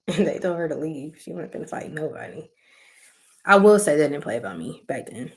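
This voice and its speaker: A young adult woman co-hosting a casual chat, telling stories animatedly with laughing asides and acted-out quotes. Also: deep voice. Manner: animated storytelling, acting out quotes; frequent fillers and laughing asides.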